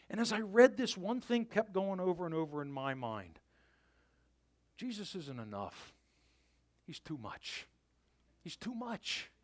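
A male pastor preaching a sermon with animated storytelling, sometimes dropping to a near-whisper for emphasis. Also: on the high side, gravelly.

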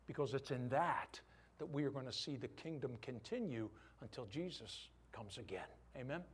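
A middle-aged man preaching a sermon as pastor, with impassioned delivery that swings from loud exhortation to hushed, quiet moments. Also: medium pitch, expressive, normal speed, slightly rough. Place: church service.

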